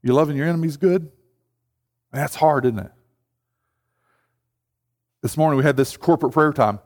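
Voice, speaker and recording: In a church sanctuary, a pastor with a high, darkish-toned voice gives a loose, conversational sermon at a moderate pace, slipping into quoted voices now and then. The hall lends his words a long, ringing reverb.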